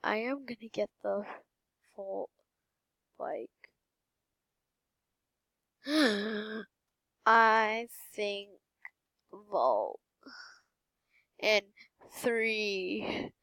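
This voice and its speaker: A young woman giving excited gameplay commentary at her computer, giddy and squealing, repeating herself over and over. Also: mid-range voice, drawn-out words, vocal fry, pauses often, no echo, low-quality recording. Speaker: gaming youtuber. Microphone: desktop mic, no webcam.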